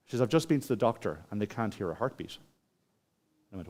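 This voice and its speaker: A man's voice: medium pitch, animated, normal speed, pauses often. Irish man giving a conference talk. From Ireland. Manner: conversational, asks the audience questions, many restarts. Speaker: conference speaker. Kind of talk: conference talk with personal story. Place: conference hall.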